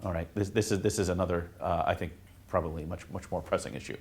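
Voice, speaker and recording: A man speaking as a priest to a classroom of students. His voice sits on the low side, and he talks informally, pausing on fillers and restarting his sentences often. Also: steady tone, darkish tone. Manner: halting, with many fillers and restarts. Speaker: Catholic priest teaching students.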